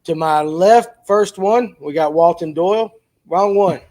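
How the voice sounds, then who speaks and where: High-voiced man hosting a casual show. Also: a little slow, a little mellow. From Georgia, USA. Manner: loose, joking, fumbling through technical hiccups. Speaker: podcast host. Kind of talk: casual chat.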